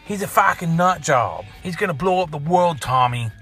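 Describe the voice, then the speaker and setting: A man putting on the voice of a brash, profane, nagging wife with a Boston accent, loud and shrill. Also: lively intonation, normal speed, soft background music.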